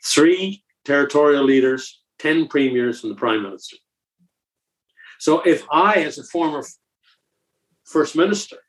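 An older man in his seventies from Newfoundland, speaking as an interview guest. He recounts stories in an earnest, conversational way, doubling back and restarting his phrases as he goes. His pitch sits in a plain middle range. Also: rough recording. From Newfoundland, Canada. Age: 70s. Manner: earnest, repeats and restarts while recounting calls. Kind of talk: conversational storytelling.

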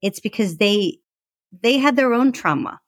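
A woman talking as a podcast guest and author, chatty and animated, with lots of fillers. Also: medium pitch, unhurried, no room sound. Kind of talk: casual conversational interview.

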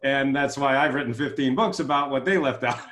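A man's voice: brisk, fairly bright tone, roomy sound. A man as an interview guest, telling stories with enthusiasm and acting out quoted lines. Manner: enthusiastic, acts out quotes with rising pitch. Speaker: guest author and keynote speaker. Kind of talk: animated storytelling interview.

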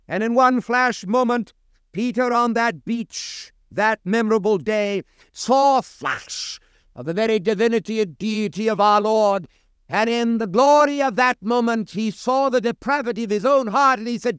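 A man's voice: extremely high pitch, a bit bright, smooth, no echo, studio quality. A man preaching a sermon to a congregation, quoting scripture with impassioned, dramatic emphasis.

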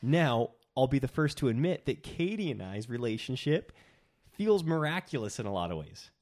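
A young man co-hosting a casual chat, telling stories in an animated way with many restarts. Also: medium pitch, moderate pace. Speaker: podcast co-host.

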